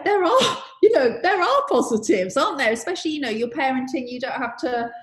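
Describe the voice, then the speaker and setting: Middle-aged woman, podcast guest, reflective and chatty, recorded in a roomy space. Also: fairly high pitch. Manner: thoughtful, chatty, leans on "you know". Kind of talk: reflective conversation. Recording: roomy echo.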